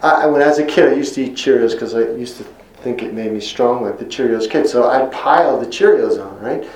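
A man preaching a sermon in an earnest, emphatic way, slowing down to stress key phrases. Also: mid-range voice, a little mellow, reverberant, low-quality recording.

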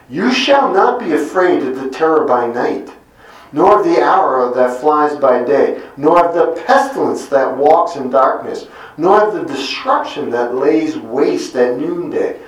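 Slow, echoey middle-aged male preacher. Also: on the high side, lively intonation. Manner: deliberate, lingers on single emphatic words. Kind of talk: slow Bible teaching sermon. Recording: very echoey room, mic at a distance.

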